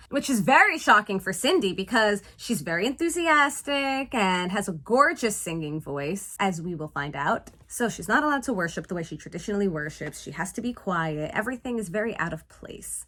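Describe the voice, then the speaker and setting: A woman's voice: mid-range voice, big pitch swings, normal speed, fairly bright tone. A woman giving a casual, sassy recap and review of an old film, exclaiming in disbelief at scenes.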